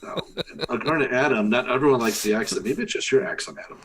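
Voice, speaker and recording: A man's voice: mid-range voice, fairly bright tone, husky. Easygoing man co-hosting a podcast. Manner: easygoing, teasing, quick interjections. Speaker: podcast co-host. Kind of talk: casual podcast chat.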